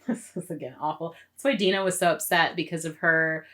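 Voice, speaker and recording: A woman's voice: low voice, steady tone, moderate pace, fairly bright tone. A woman co-hosting a podcast, recapping a TV episode in casual chat with wry, sarcastic asides. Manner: wry, sarcastic commentary with short agreeing fillers. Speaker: podcast co-host.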